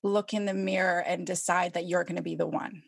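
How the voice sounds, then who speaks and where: Woman podcast host, reflective interviewer, low-ish, dry. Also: steady tone, brisk, vocal fry, breathy edge, no room sound. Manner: warm, reflective, thoughtful phrasing. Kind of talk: casual interview conversation.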